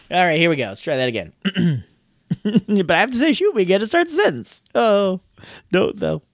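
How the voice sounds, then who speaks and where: A man's voice: high-pitched, sing-song, moderate pace, creaky, no echo, studio quality. A man hosting a podcast, stumbling over his words and joking about his own mistakes in a casual outtake. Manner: flustered, tongue-tied, laughing at his own slips. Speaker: podcast host.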